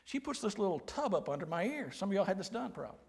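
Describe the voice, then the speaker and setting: A man, preaching a sermon with folksy, humorous storytelling and quiet, earnest emphasis. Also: sits high, sing-song, fast, gravelly. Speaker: pastor. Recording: long hall reverb.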